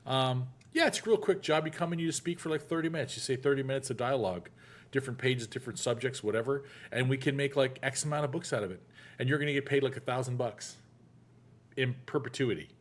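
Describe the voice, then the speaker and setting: A man's voice: mid-range voice, quick pace. A man hosting a casual sports chat show, an actor who tells stories animatedly and acts out the quotes. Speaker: podcast host.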